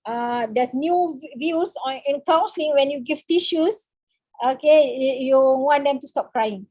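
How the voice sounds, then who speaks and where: A Malaysian woman lectures on counseling in a high-pitched voice, pausing often with fillers and dropping in the odd Malay word. The sound is close and dry, with no room around it, as over a video call. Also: dark tone, no echo. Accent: Malaysian English. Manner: halting, many fillers, mixes in Malay words. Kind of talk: seminar lecture.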